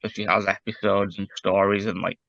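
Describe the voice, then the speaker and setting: Low-voiced man, hesitant. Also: level tone, fairly quick, a bit bright, dry recording, muffled recording. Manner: analytical, hesitant with many fillers. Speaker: podcast co-host. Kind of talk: casual chat.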